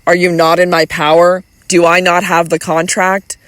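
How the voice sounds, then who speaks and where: A woman's voice: lowish voice, level tone, normal speed, dry recording, close to an everyday voice. A reader voicing a cool commanding noblewoman. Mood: cold. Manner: cool and commanding, then playful. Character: imperious, teasing young noblewoman. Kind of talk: audiobook reading.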